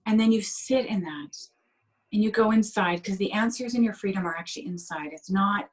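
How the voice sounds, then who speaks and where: A woman coaching on sugar addiction as a guest in an interview, speaking gently and heartfelt, sometimes acting out inner voices. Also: medium pitch, fairly quick, low-quality recording. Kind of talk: interview over video call.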